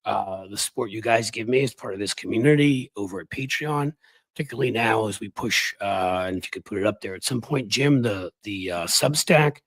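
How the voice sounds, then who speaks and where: Raspy-voiced man hosting a live stream. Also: lowish voice, a little fast, no room sound, low-quality recording. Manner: animated, blunt and conversational, talking to viewers. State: raspy from the flu. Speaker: political commentary host.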